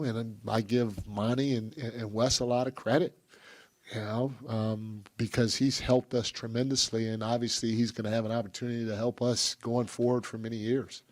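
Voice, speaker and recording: A man, a basketball head coach, answering questions at a press conference in a halting, earnest way, with frequent restarts. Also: mid-range voice, no room sound.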